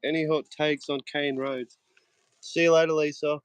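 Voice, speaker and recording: A man's voice: fairly high pitch, little pitch movement, moderate pace, smooth, dry recording. A young Australian man in casual chat on a live stream, laid-back, laughing often and swearing freely, talking into his phone. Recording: faint noise and clicks.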